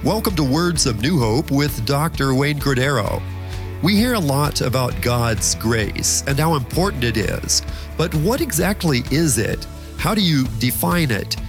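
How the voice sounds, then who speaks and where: A man reading the scripted introduction of a religious program in a smooth, measured announcing voice. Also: mid-range voice, sing-song, music in the background.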